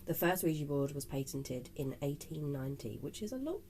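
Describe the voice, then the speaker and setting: Low-voiced woman co-hosting a podcast. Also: sing-song, a little fast, dark tone, slight background noise, poor audio. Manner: reads a spooky script, laughs often with co-host. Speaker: podcast co-host. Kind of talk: casual chat and scripted narration.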